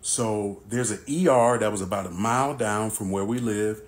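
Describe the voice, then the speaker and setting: Animated man telling a storytime. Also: lowish voice, moderate pace. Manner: animated, acts out dialogue. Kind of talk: storytime narration.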